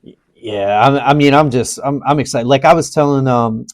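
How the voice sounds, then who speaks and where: A man co-hosting a wrestling talk show in an easygoing, slangy manner. His voice sits in an ordinary middle pitch. He agrees readily and speaks with relaxed enthusiasm. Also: moderate pace, no echo. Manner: laid-back, slangy, agreeable. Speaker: wrestling podcast co-host. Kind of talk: casual chat.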